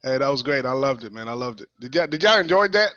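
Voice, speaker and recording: A man's voice: mid-range voice, expressive, quick pace, a bit bright, no room sound. Hyping male call host, dry muffled audio. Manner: hyping, encouraging. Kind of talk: casual call hosting.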